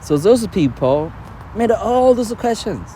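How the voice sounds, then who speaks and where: A man teaching spiritual ideas in casual conversation, animated and laughing often, with non-native grammar. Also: high-pitched, takes it slowly, a little hiss or hum. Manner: animated, acts out quoted voices, laughs often.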